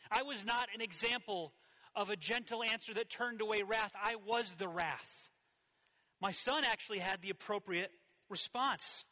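With a high voice, a man in his thirties leads a church sermon as its pastor, weaving in a personal story. His delivery rises loud and drops soft with lively contrast.

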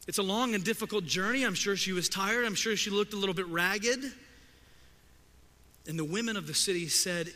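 Male preacher, expressive and emphatic, higher voice, ringing hall sound. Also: normal speed. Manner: expressive preaching, rising loud for emphasis, voicing the characters he quotes. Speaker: pastor. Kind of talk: sermon. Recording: long hall reverb.

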